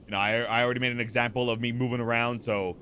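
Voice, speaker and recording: A man streaming from a home setup, chatting casually with viewers. He rambles in a lively way, reads chat messages aloud and answers them, with plenty of fillers and restarts, close to a desk mic. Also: mid-range voice, very fast, slight background noise. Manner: rambling, animated, lots of fillers and repeats. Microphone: desk microphone.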